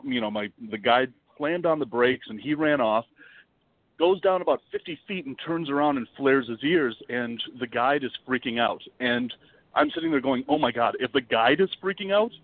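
A man guesting on a podcast, telling a travel story in a lively, dramatic way and swearing freely. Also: mid-range voice, normal speed, gravelly. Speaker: podcast guest, wildlife video producer. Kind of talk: casual storytelling. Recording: dry, tinny phone-like line.

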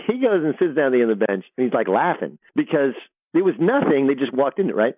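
A middle-aged man, a sports broadcaster, telling animated locker-room stories as an interview guest, often restarting his sentences. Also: mid-range voice, fast, husky, no room sound. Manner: animated storyteller, frequent restarts. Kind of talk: storytelling interview. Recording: dry tinny phone line.

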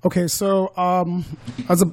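A man's voice: high-pitched, measured pace. Man reading aloud from his book. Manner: steady storytelling read-aloud. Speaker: author and guest.

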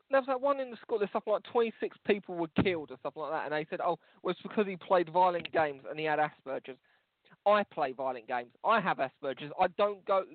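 On a casual comedy podcast, a high-pitched male co-host rambles, mocks, and jokes crudely. The recording is dry, echo-free, and phone-like in its lo-fi quality.

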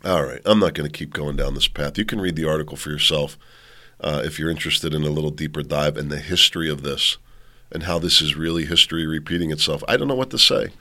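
A man's voice: very deep voice, quick pace, bright, forceful tone. A man hosting a commentary show, reading an article aloud and riffing on it in a rambling way. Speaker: podcast host. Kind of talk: political commentary monologue.

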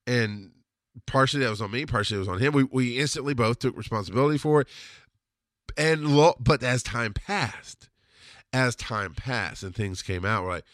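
A man's voice: mid-range voice, normal speed, fairly bright tone, no echo, clean studio sound. A man hosting his own podcast, telling personal stories in a blunt, rambling way with restarts and the odd curse. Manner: rambling, blunt, with frequent restarts and mild swearing. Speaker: podcast host. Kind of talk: casual storytelling monologue.

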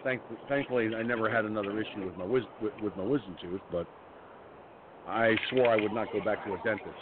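A man's voice: lowish voice, fast talker. A man hosting a radio talk show who tells stories in a blunt, angry, profane rant. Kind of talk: ranting personal storytelling. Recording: phone-like line with faint noise.

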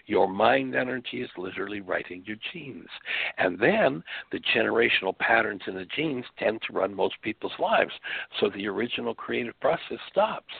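Earnest and questioning, a male spiritual radio host teaches by phone from his bedroom at home. His lowish voice is expressive, creaky and husky at an ordinary speed, over dry call audio with no room sound.

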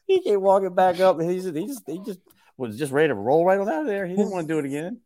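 A man's voice: fairly high pitch, very animated, racing, mellow. A man guest telling stories casually, acting out quotes in a raised voice and laughing often. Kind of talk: casual podcast storytelling.

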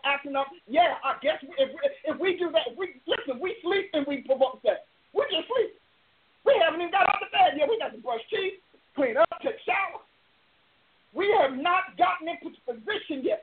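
A woman preacher and show host giving a live broadcast sermon, fervent and emphatic, driving her points home with repeated declarations. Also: sits high. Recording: tinny phone-like audio.

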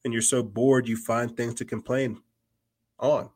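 A man's voice: medium pitch, little pitch movement, a little slow, darkish tone, natural voice. A man voicing a blunt, outspoken immigrant woman, scolding in a put-on Polish-Russian accent. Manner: lecturing, scolding.

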